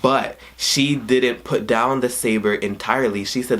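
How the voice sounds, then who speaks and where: A man's voice: medium pitch, steady tone, unhurried, a bit bright. A young man in his twenties giving a gushing, rambling spoiler review of a movie. He jumps between points and restarts his sentences. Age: 20s. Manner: emotional, near tears at times. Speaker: vlogger.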